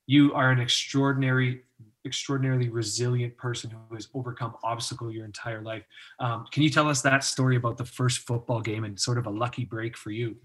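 A man interviewing a guest, asking earnest questions with some halting restarts. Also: medium pitch, steady tone, fairly bright tone.

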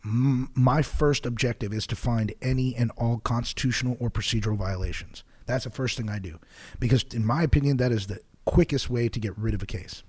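Earnest, husky-voiced man. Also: medium pitch, a little fast, hardly any pauses, darkish tone. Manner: earnest, emphatic. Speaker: criminal defense attorney, guest. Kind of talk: conversational interview answers.

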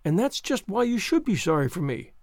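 A man's voice: sits high, very animated, a little fast, creaky, a little mellow, no echo, clean studio sound, full character voice. A man reading aloud, voicing an earnest, dramatic young girl with solemn, wordy speech. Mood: pleading. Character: imaginative dramatic girl, eleven-ish, earnest.

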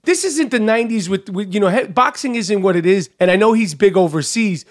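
A man hosting a podcast interview, blunt and profane, excitable and full of restarts. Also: high voice, brisk, no room sound, studio quality. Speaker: podcast host.

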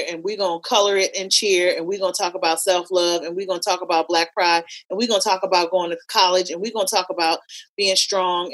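A woman hosting a podcast, telling animated, profane stories in casual chat. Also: mid-range voice, low-quality recording. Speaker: podcast host; cheerleading coach.

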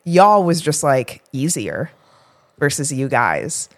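A woman's voice: deep voice, big pitch swings, slow. A woman co-hosting a health podcast in casual chat, rambling a little with fillers and restarts. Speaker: podcast co-host, health coach.

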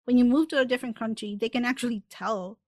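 A woman's voice: on the high side, fast, crowd noise. A woman from the Philippines hosting a podcast, chatting casually with lots of fillers. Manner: chatty, uses many fillers. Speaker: podcast host.

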